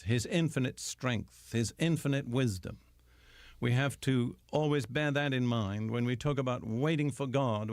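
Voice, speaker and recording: An older man giving a radio Bible teaching, slow and deliberate, with emphatic pauses. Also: medium pitch, a little mellow, no echo, studio quality.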